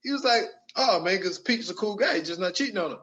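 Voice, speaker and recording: A man's voice: sits high, expressive, fast talker, a bit bright, dull audio. A man on a podcast, animatedly retelling movie scenes in casual chat and laughing often. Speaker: podcast co-host.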